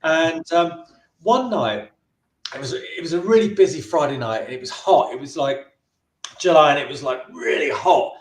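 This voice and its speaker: A man with a notably high voice tells a rambling anecdote as an interview guest. He restarts his sentences often and slips into quick impressions of other people. The recording sounds roomy and echoey. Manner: chatty, with frequent restarts and brief put-on voices for the people in his stories. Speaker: filmmaker interviewee. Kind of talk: anecdotal storytelling in a casual interview.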